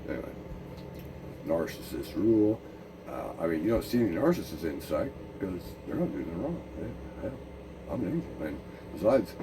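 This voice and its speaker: A man's voice: sits low, far from the mic, background noise. A man speaking a profane, meandering monologue, full of restarts, jumping between ideas. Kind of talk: rambling monologue.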